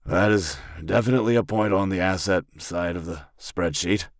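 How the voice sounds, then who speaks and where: Brief: boastful dwarf warrior, read by a man, hammy fake brogue, theatrical, a bit raised in pitch. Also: moderate pace, no room sound, studio quality. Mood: stiff. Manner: theatrical, bombastic.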